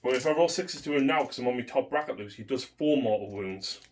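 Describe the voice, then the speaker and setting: A man's voice: mid-range voice, fast. Man, tabletop player, methodical rules talk, mid-range voice, faint background noise. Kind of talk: casual commentary over a game.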